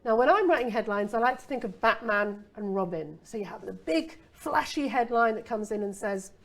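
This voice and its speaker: A woman's voice: on the high side, expressive, normal speed. A middle-aged woman giving a casual copywriting masterclass, chatty and playful, with rhetorical asides to her listener.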